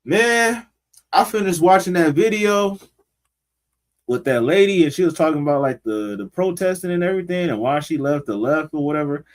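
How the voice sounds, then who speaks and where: A man's voice: on the high side, lively intonation, normal speed. A man hosting a casual livestream, reading out viewers' comments and reacting to them in loose, slangy talk aimed straight at his audience. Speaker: livestream host.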